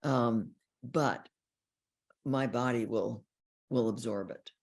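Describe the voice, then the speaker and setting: A woman counselor giving a calm, explanatory teaching talk about feelings, often repeating key phrases. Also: very deep voice, takes it slowly, breathy edge. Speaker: relationship counselor.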